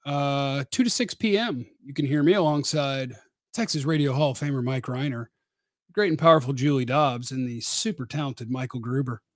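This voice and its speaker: A man's voice: medium pitch, moderate pace, no echo, studio quality. A man hosting casual live-stream sports commentary, blunt and opinionated with a rambling delivery. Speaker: sports radio host.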